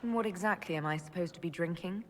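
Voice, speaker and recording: Woman doing a game heroine, kinda low voice, plain and direct. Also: fast, a little hiss or hum, natural voice. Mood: puzzled. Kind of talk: video game dialogue.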